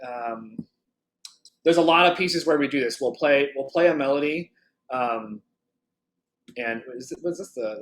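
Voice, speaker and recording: A man with a medium-pitched, slightly bright voice coaches a clarinet masterclass by video call. He restarts and uses fillers as he thinks out loud, singing the phrases on nonsense syllables to make his point.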